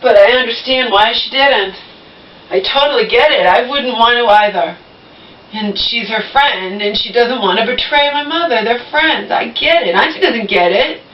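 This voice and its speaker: A woman's voice: on the high side, normal speed. A woman venting to the camera in an agitated, profane rant. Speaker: vlogger. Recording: echoey room, distant dull mic.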